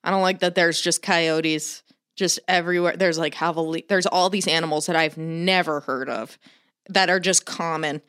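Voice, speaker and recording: A woman's voice: on the low side, steady tone, normal speed, fairly bright tone, clear, resonant tone. A woman in casual chat, swearing freely and mimicking people as she tells stories.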